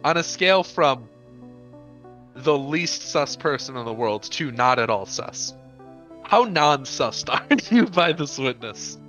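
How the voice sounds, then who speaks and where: A man's voice: mid-range voice, lively intonation, slow pace, a bit bright, faint music behind. A man hosting a let's play, bantering and teasing in a jokey, laughing way. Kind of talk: casual banter.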